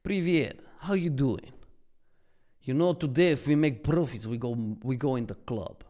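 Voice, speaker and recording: A man's voice: medium pitch, normal speed, dark tone, lightly acted. A man voicing a boisterous Russian party bro in a jokey, swaggering accent.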